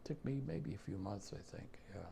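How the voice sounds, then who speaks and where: Gravelly older New York man. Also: lowish voice, expressive, warm tone, slight background noise. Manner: halting, repeats phrases, many fillers. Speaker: war veteran interviewee. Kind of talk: recounting memories in an interview.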